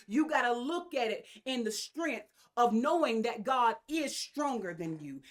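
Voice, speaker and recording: A woman preaching a sermon, emphatic and repetitive, with asides to her congregation. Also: on the high side.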